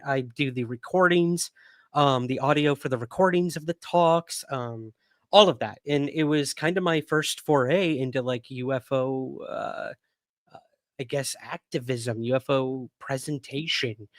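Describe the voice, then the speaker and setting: Hiccuping as he goes, a man hosts a casual livestream chat in a mid-range voice at a measured pace, recorded dry. He's talkative and rambling, full of fillers and laughter.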